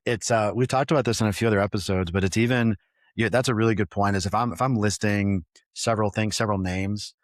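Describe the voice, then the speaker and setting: Man, deep voice, dry close sound, podcast host, thoughtful rambling questions. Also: fairly even intonation, fairly quick, no room sound. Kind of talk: conversational podcast interview.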